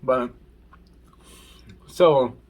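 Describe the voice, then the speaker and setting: A man vlogging while eating, telling a story in a casual, animated way and saying "y'all". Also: medium pitch, very slow. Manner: animated, says "y'all" and "oh my goodness". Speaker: mukbang vlogger.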